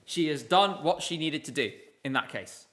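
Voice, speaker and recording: A man's voice: on the high side, lively intonation, moderate pace, a bit bright. A man hosting a casual live stream, chatty and rambling, chatting with viewers from his desk. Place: home room at a desk with laptops.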